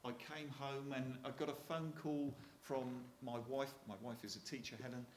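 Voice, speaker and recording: An older man with a Hampshire accent tells stories to a live audience in a chatty, easygoing way, stumbling over restarts and letting out small chuckles. His voice sits at an ordinary middle pitch. It carries around a roomy hall over a faint murmur of ambience. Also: fairly even intonation, normal speed, slight background noise. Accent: Hampshire English. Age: 60s. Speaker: retired Royal Marine speaker. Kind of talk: anecdotal talk to an audience.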